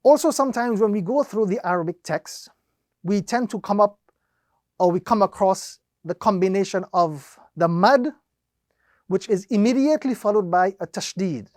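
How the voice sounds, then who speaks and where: A man teaching Quran recitation, explaining each rule slowly and step by step, drawing out the example words and repeating the steps methodically. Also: high voice, animated, darkish tone, dry recording, studio quality. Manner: slow, deliberate explanation with drawn-out demonstrations. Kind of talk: instructional lesson.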